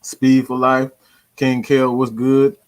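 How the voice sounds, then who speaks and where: A man's voice: medium pitch, completely flat delivery, slow, a little mellow. A man hosting a fan channel, ranting about his team with slang, swearing and lots of repetition. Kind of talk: profane sports fan rant.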